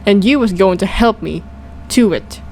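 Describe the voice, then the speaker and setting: A woman voices a huge, brutish male giant who eats people, booming and hurling insults. Her voice jumps higher when he shouts, over faint background noise. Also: lively intonation, normal speed, close to an everyday voice. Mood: bullying. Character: huge brutish male man-eating giant, bullying and loud.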